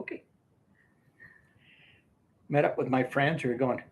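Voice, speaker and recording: A man's voice: medium pitch, measured pace, gravelly, pauses often. An older man telling rambling casual stories from his youth, often breaking into laughter. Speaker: storyteller. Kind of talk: casual storytelling.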